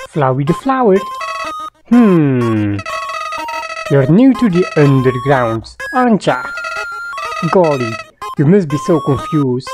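A woman's voice: low voice, exaggerated voice. A woman voicing a sly, sugary male talking flower who is secretly cruel, in a sing-song chirpy way over game music.

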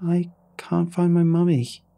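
A man's voice: high-pitched, monotone, a little slow, vocal fry, warm tone, voice pushed up. A man voicing an eerie little girl who is soaking wet and lost, speaking in a tiny voice with no emotion. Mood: hollow, lost.

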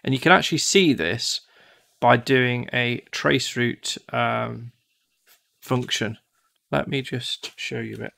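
A man's voice: mid-range voice, slow, gravelly, bright, forceful tone. A man from the UK teaching one-to-one in a casual, chatty way, often acting out devices in silly voices. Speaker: tutor.

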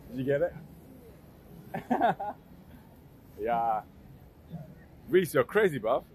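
A man's voice: medium pitch, very animated, extremely slow, pauses often, darkish tone. A young man, bantering and teasing strangers on a busy in casual vlog style.

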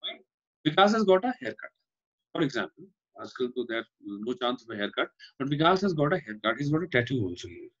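Heard through lo-fi sound, a man's mid-range, slightly bright voice moves quickly with big pitch swings. He is a teacher with an Indian English accent giving an online class, repeating himself to explain and regularly asking "Fine?".

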